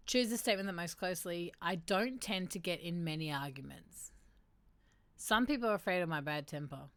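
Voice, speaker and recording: A woman's voice: fairly low pitch, a bit bright, no echo. Give me a woman hosting a casual livestream, reading quiz statements aloud and adding wry comments in a dry, dead room. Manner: reads quiz options aloud and adds wry asides, chatting with viewers. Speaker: livestream host.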